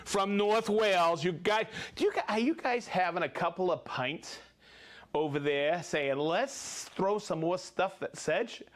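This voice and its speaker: A man's voice: sits high, measured pace. A man hosting a live stream, cheerfully reading out viewer names and places and joking between them. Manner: upbeat, reads viewer names and places, jokes and laughs. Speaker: livestream host. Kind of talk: live-stream shout-outs.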